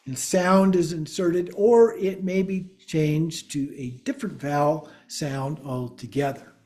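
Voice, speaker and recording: A man's voice: fairly high pitch, a little mellow. A middle-aged man, a Buddhist teacher, giving a class lecture, patiently spelling words out letter by letter.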